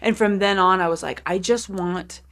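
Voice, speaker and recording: A woman's voice: medium pitch, moderate pace, a bit bright. A woman in her thirties, co-hosting a podcast in casual chat, candid and profane, with many "like" fillers. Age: 30s. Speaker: podcast co-host.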